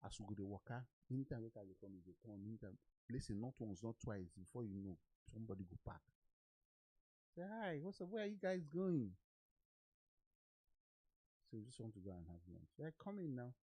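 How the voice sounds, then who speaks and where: A man's voice: lowish voice, fast talker, breathy edge, no room sound. Nigerian guy on a podcast, spinning stories and doing everyone's lines, dry close sound. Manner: lively anecdotes, acting out quoted people. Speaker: podcast host. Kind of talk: casual storytelling chat.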